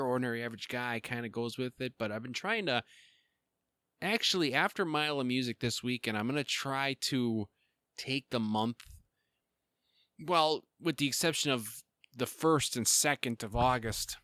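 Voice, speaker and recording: A man's voice: medium pitch, normal speed, sharp tone, clear, resonant tone, no room sound. Middle-aged male podcast host, rambling casual talk, heavy breathing, dry close sound. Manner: rambling, chatty, self-deprecating with frequent fillers. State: breathing heavily. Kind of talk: casual solo podcast chat.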